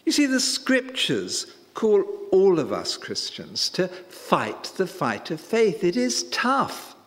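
Male preacher, emphatic and unhurried, pitch rising and falling widely, voice ringing in a reverberant hall. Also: huge pitch swings, fairly bright tone. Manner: emphatic and deliberate, with rising stresses. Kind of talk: sermon.

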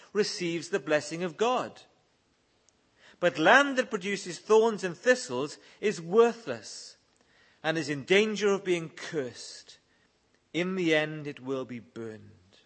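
A man's voice: on the high side, a bit bright. A man preaching a sermon, reading scripture verses aloud and pressing his listeners with earnest questions. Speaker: pastor.

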